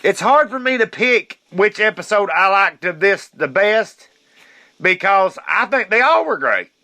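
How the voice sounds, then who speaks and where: A man's voice: sits high, very animated, unhurried, pushed and bright, no echo. A man hosting his own podcast, ranting indignantly in a casual monologue and cursing as he goes. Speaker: podcast host.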